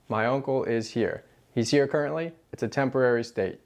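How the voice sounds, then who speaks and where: A man giving a language lesson, explaining words in a clear, measured way and reading example sentences slowly. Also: mid-range voice, darkish tone. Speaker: Spanish teacher.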